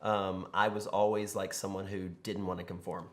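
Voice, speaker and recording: Relaxed Texan man, low voice. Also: normal speed. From Texas. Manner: relaxed, rambling with many fillers, laughs easily. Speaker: interview guest, entertainment executive. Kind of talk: casual interview chat.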